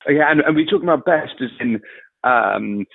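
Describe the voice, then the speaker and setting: A man's voice: mid-range voice, animated, normal speed, gravelly, slightly rough, no room sound. A man dropping in on a podcast for a breezy, jokey chat. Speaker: drop-in guest. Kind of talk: casual chat. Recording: tinny phone-like line.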